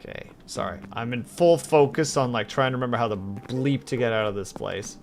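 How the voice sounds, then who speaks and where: Gravelly-voiced man chatting on stream. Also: medium pitch, a little fast, soft background music. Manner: chatty, jumps between game and chat replies. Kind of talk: casual gaming stream chat.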